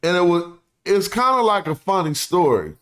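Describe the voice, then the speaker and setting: A casual, slangy man talks on his stream, his voice sitting a bit high for a man. He tells an old story in his own words and reads passages aloud. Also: moderate pace. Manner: slangy, animated, acts out quotes in put-on voices.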